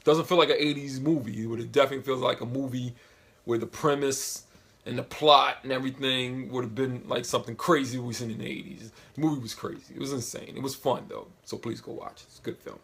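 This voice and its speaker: A man talks through a movie review in a loose, rambling way, leaning on filler phrases and restarting his sentences. His voice is husky and a little breathy, sitting at an ordinary middle pitch. The delivery is casual and unscripted. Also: steady tone, fairly quick, fairly bright tone.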